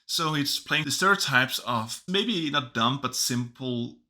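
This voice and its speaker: Bright-voiced man reviewing films. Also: medium pitch, expressive, measured pace, slight background noise. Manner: chatty, enthusiastic, with restarts. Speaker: film reviewer. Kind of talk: casual video review commentary.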